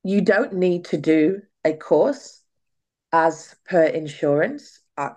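A low-pitched woman talks as a podcast guest. She retells events in a chatty, animated way, slipping into quoted back-and-forth dialogue. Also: slow pace. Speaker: guest, clinic owner and cosmetic nurse. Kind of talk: casual storytelling in a podcast interview.

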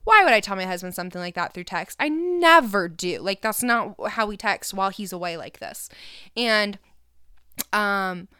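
A chatty young woman co-hosting a relaxed conversation, often sliding into quiet asides. Her voice is bright and sharp, and the sound is dry and close. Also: mid-range voice, moderate pace, smooth, no echo. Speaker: podcast co-host. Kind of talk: casual chat.

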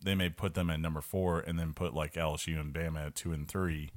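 Man, very deep voice, casual podcast chat, animated, laughing, quick asides. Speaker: podcast co-host. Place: here in Atlanta.

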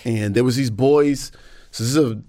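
A man's voice: mid-range voice, moderate pace, dry recording, clean studio sound. A man with an American accent, a podcast guest telling candid personal stories and acting out the people he quotes. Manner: animated storyteller who acts out quoted people. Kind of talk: candid podcast interview storytelling.

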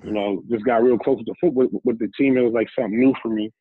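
A man in a relaxed interview drifts through a personal story, acting out what people said along the way. He comes through a narrow, phone-like line that is completely dry. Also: mid-range voice, fast talker, no echo. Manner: easygoing, rambling, recounts scenes with quoted dialogue. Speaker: guest, former football player. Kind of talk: casual storytelling.

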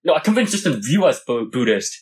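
A man's voice: mid-range voice, big pitch swings, fast, crowd noise, poor audio. A young man in casual chat, rambling through a story with lots of fillers and restarts.

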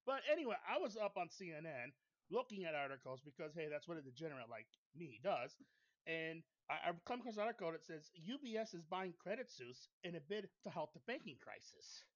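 A man's voice: a little high, sing-song, fairly quick, dull audio. A man co-hosting a podcast in casual chat, jokey and playfully indignant. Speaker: podcast co-host.

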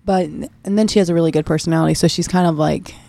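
A young woman co-hosting a casual podcast who speaks quietly and giggles easily. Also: fairly low pitch, steady tone, fast talker, vocal fry, no room sound. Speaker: podcast co-host.

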